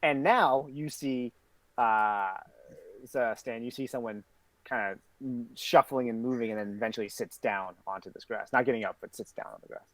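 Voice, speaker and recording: Game master: man, dry close sound, halting casual narration. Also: medium pitch, fairly bright tone, dry recording, poor audio. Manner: hesitant, halting narration with fillers.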